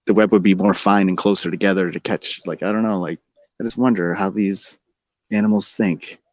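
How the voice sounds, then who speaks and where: A man's voice: steady tone, fairly quick, no echo. A man in casual conversation, rambling from thought to thought and laughing often. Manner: rambling, meandering, laughs often, breaks into silly high sing-song. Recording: dull, dry lo-fi sound.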